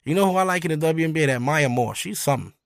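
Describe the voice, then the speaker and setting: A man co-hosting a podcast, chatting casually and profanely about sports, animated and quick to mimic athletes. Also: a little high, vocal fry, dry recording, studio quality. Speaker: podcast co-host.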